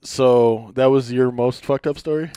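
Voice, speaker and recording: A man hosting a casual podcast chat, steering the talk with slow, drawn-out remarks. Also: mid-range voice, fairly even intonation, warm tone, clear, resonant tone, dry recording, clean studio sound. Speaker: podcast host.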